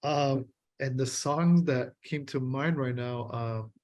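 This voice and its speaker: A man's voice: medium pitch, slow pace, a little mellow. A man, a workshop participant, introducing himself in a friendly way over a video call. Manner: friendly, laughs easily. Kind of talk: casual self-introduction.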